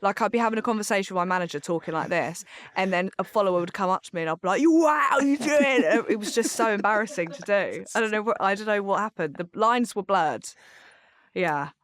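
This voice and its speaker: Smooth-voiced woman, candid chat. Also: medium pitch, fast, fairly bright tone, no echo. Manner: candid, chatty, rambling with fillers. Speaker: podcast guest. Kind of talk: casual chat. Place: podcast studio.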